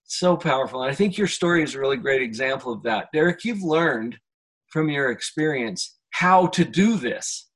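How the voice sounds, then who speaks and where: A man hosting a podcast conversation, speaking in a slow, reflective coaching manner. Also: medium pitch, expressive, fairly bright tone. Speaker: podcast host. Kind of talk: conversational interview.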